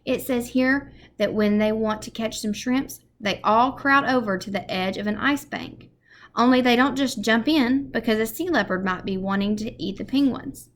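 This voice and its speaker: Lady doing a dreamy excited husband, eager, fairly high voice, faint hiss behind. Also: normal speed, close to an everyday voice. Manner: eager, enthusiastic. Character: dreamy, excitable middle-aged house painter.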